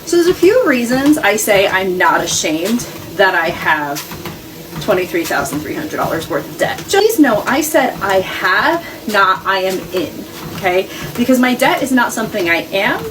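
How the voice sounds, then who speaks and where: A woman's voice: mid-range voice, very animated, normal speed, distant mic, noisy background. A woman speaking candidly in a chatty walk-and-talk vlog while walking on a walking pad at home. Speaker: vlogger with a corporate job.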